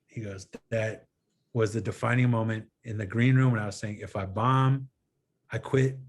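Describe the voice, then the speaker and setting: A man's voice: fairly low pitch, normal speed. Man telling a story with quoted dialogue. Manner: animated retelling with quoted dialogue, earnest. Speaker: guest filmmaker. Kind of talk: casual storytelling interview.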